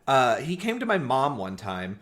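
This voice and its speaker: A man's voice: medium pitch, normal speed. A man co-hosting a podcast, telling a story in casual chat, swearing and acting out the people he quotes. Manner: animated, acts out quoted people, swears often. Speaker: podcast co-host. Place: room, recorded in person.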